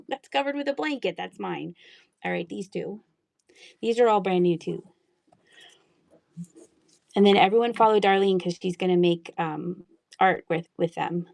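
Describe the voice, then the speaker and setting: Chatty middle-aged lady selling stuff on a livestream, bit gravelly, dry close mic. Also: medium pitch, moderate pace, long pauses, darkish tone, no room sound. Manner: chatty, laughs often, drops to near-whispers. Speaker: livestream seller. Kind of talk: casual live auction selling.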